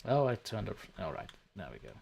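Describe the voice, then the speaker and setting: A man's voice: fairly low pitch, wildly swooping pitch, a little fast, vocal fry, darkish tone, breathy edge. A man hosting a let's play, joking and sarcastic as he talks to the creatures in the game. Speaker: gaming channel host.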